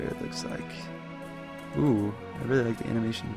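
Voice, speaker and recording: A man's voice: mid-range voice, fairly even intonation, fairly quick, gravelly, over music. A man casually commenting while playing a story game and chatting to his viewers. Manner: chatty, reads game text aloud, talks to viewers. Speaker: let's play gamer.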